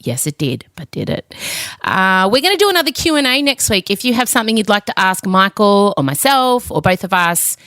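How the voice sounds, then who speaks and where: A woman's voice: on the low side, a bit bright, no room sound. A woman hosting a podcast, chatting casually in a teasing, giggly way. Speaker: podcast host. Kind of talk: casual chat.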